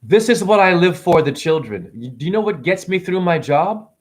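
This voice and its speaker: A middle-aged man vlogging in a casual, ranting monologue, jumping between loud outbursts and quiet asides. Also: high-pitched, very animated, moderate pace. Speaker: vlogger and spiritual teacher.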